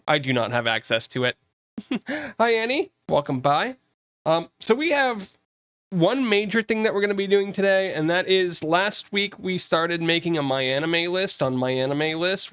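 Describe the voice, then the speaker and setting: Streaming casually from the East Coast of the US, a young man chats with viewers, greets them, and reads their messages aloud. His voice is on the high side, a bit bright and smooth, with no room sound and faint music in the background.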